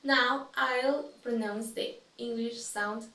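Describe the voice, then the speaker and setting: Female student, raised pitch, very slow and deliberate, recorded off-mic in a roomy space. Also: a bit bright. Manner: deliberate, says each word twice. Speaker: student presenter. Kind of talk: pronunciation demonstration. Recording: echoey room, distant from mic.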